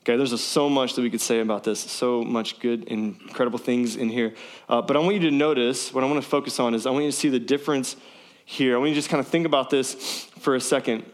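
A man's voice: mid-range voice, steady tone, quick pace. Casual conversational male preacher. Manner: conversational, asks the audience questions. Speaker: pastor. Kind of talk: sermon. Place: church service, also streamed online.

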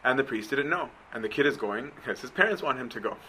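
A male preacher speaks fast and forcefully, his medium-pitched voice bright and expressive. The sermon is conversational, with frequent "right?" check-ins, and the low-quality recording has slight background noise.

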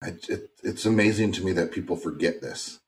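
A man co-hosting a casual talk show, recounting odd news stories in a relaxed, rambling way. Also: low-pitched, fairly quick. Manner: relaxed, drifting into tangents with many fillers. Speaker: podcast co-host.

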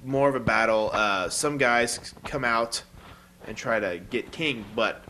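A man co-hosting a casual podcast, recapping a movie scene by scene and acting out lines in high voices. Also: unhurried, slight background noise, rough recording. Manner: animated storyteller, acts out quotes in high voices. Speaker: podcast co-host.

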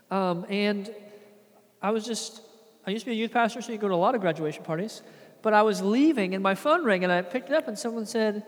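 In a reverberant hall, a high-voiced male pastor delivers a sermon. His preaching is earnest and conversational, with quotes he acts out.

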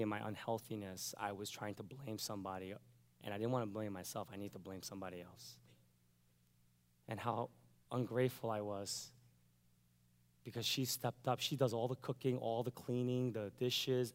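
A man's voice: fairly low pitch, fairly even intonation, normal speed. Man telling a sermon story in a hall. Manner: storytelling, acts out his own past thoughts and quotes. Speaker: pastor.

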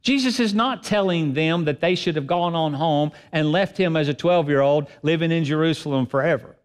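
A man's voice: a little high, normal speed, clean tone. A man preaching a sermon as pastor, earnest and emphatic, repeating phrases for effect. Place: church sanctuary. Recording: long hall reverb.

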